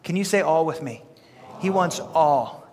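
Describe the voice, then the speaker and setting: A man's voice: fairly high pitch, lively intonation, measured pace, a little mellow. A man preaching a sermon as pastor, talking to his congregation in a playful, conversational way. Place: church sanctuary. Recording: long reverb of a church hall.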